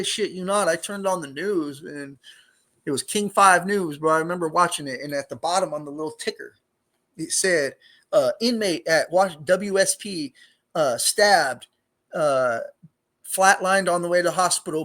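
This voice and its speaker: A man's voice: high voice, moderate pace, a bit bright. Middle-aged man, former inmate guest, loose street slang, swears freely, rambles through stories. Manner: streetwise, profane, rambling with fillers. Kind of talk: casual storytelling interview.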